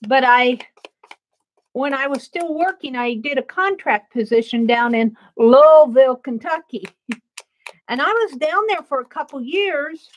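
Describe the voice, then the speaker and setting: A middle-aged woman from the American Midwest talks through her art stream in a high voice. She rambles slowly and easily while she works. She laughs often between thoughts. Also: lively intonation. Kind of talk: casual crafting livestream chat.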